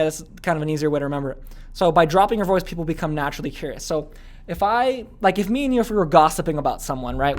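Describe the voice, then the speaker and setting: Fast-talking male sales coach. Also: fairly high pitch. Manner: fast, energetic, checks in with "okay?" often. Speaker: business coach. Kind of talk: online sales training lesson.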